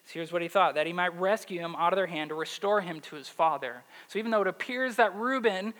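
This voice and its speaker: Pastor guy with a higher voice, preaching and asking the crowd stuff, long hall echo. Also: quick pace. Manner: animated, asks the audience questions. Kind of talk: sermon with scripture reading.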